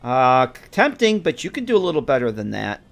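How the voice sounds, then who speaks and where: A man's voice: medium pitch, big pitch swings, brisk, vocal fry, a bit bright, faint music behind. Chatty male game streamer. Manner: chatty, talks to viewers and game characters. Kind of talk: casual live-stream commentary.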